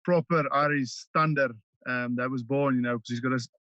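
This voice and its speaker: A South African man whose first language is Afrikaans chats as a rugby player guest, halting often with ums and restarts. His voice comes through a dull, lo-fi line in a dry, close space. He speaks at a middle pitch. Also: steady tone, pushed and bright, no room sound. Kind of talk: casual interview chat.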